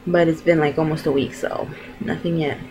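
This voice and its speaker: A young woman talks casually to her camera, rambling along with plenty of fillers. Her voice sits a little on the low side. A faint hiss of noise runs behind her. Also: steady tone, normal speed, darkish tone, poor audio. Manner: chatty, rambling, full of fillers. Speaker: vlogger. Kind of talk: casual chat.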